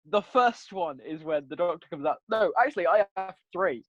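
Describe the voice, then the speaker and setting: An animated young man, his pitch leaping all over as he rants and laughs through a casual review. The sound is dry and a little dull, like an online call. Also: normal speed, dry recording. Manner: animated, laughs often, mimics characters. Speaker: podcast co-host.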